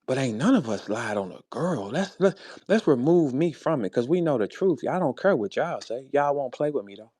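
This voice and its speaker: A man from St. Louis ranting in a heated, casual way, blunt and profane, swinging between low grumbles and sharp high-pitched outbursts. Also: sing-song, moderate pace, few pauses, slightly rough, dry recording, studio quality. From St. Louis, USA. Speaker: rapper speaking in an audio chat room.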